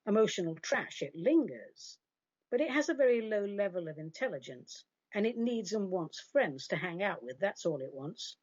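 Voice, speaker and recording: A woman's voice: mid-range voice, animated, normal speed, a little mellow, breathy edge, no echo, muffled recording. A woman hosting a radio advice show, answering listener questions in a chatty, emphatic and opinionated way.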